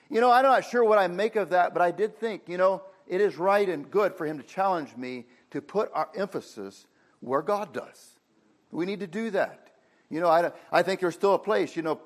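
High-pitched male preacher, casual conversational sermon, audience in the room. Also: moderate pace. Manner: plain conversational preaching, frequent "you know" fillers.

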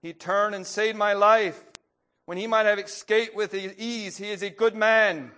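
A man's voice: high-pitched, fairly even intonation, a little slow, sharp tone, voice pushed up. A man voicing a shaken male thief catcher who pleads in a raised voice. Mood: pleading.

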